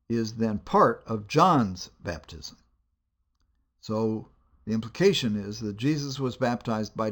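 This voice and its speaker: Speaking at a medium pitch, a man lectures on how the Bible tells stories. As a Bible lecturer, he is measured and careful, often pausing hesitantly mid-thought.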